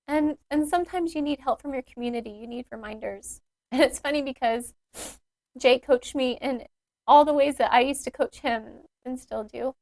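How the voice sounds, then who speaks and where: A woman's voice: high-pitched, moderate pace, a little mellow, dry recording. A woman hosting her own podcast as a yoga teacher, talking in an earnest, intimate and rambling way with many fillers. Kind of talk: reflective solo podcast talk.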